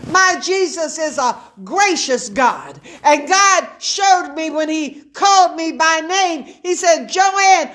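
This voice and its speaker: Woman preacher, high voice, slow and emotional sermon, fervent. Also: animated, fairly bright tone.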